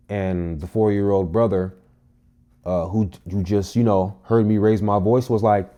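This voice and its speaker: A young man with a low, warm, mellow voice tells a personal story straight to camera. He delivers it in a casual, animated way, punching key lines with emphasis and plenty of cursing. It sounds like an everyday vlog monologue. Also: normal speed. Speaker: vlogger.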